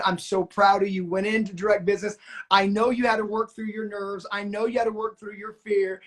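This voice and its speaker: A man hosting a live-stream coaching session, talking in an energetic, motivational, hype-man way. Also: high voice. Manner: pumped-up, hype-man, shouts "let's go". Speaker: notary training coach and live-stream host. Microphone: phone or webcam on a video live stream.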